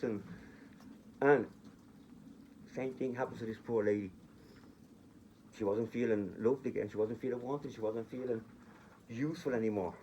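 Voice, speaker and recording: A man's voice: mid-range voice, a little mellow, lo-fi sound, a little hiss or hum. A man telling a story in a chatty, rambling way, speaking directly to his listeners on a phone recording. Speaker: vlogger. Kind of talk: casual storytelling.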